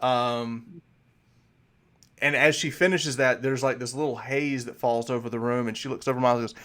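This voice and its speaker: A man's voice: medium pitch, fairly even intonation, normal speed, a bit bright. A man narrating a tabletop game as game master, rambling through many fillers and restarts.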